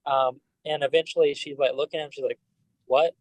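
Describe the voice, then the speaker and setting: A man, a band member guest on a podcast, telling animated stories full of fillers. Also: a little high, quick pace, no room sound, rough recording. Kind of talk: casual storytelling.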